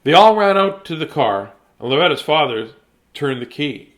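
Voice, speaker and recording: Man, storybook reading, animated pitch, playful, chatty, digressive. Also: normal speed. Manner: playful, chatty, goes off on tangents. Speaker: children's story reader. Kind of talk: reading a picture book aloud.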